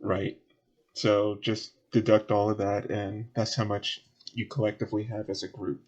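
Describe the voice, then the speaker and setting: A lower-voiced man with a Southern accent runs a tabletop game. He narrates in a relaxed, chatty way and laughs between lines. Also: normal speed. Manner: casual, laughs between narration, drawls y'all. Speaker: game master.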